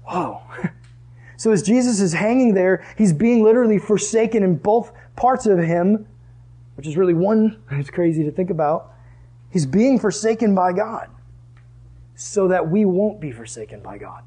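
Husky voiced bible teacher, chatty and loose, asking the group stuff. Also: medium pitch, lively intonation, normal speed, warm tone. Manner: casual and conversational, asks the group questions.

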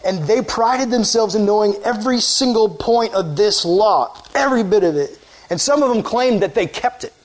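A man preaching a casual sermon in an animated, conversational way, quizzing his listeners as he goes. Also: high voice, normal speed.

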